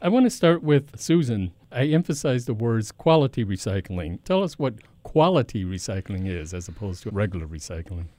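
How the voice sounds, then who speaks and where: A man's voice: lowish voice, sing-song, moderate pace, hardly any pauses, dark tone, no room sound. A man hosting a radio interview show from a studio, talking in a conversational way and laughing easily. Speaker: radio talk show host. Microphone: studio microphone.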